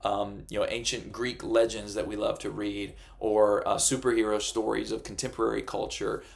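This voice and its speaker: Gravelly-voiced man preaching earnestly. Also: fairly low pitch, little pitch movement, moderate pace. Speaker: pastor. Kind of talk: sermon.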